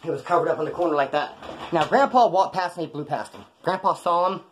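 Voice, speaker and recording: Fast-talking, profane man. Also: fairly high pitch, slight background noise. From Bakersfield, California. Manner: rapid, profane, animated, acts out others' lines. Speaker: former prisoner telling stories. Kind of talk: casual storytelling.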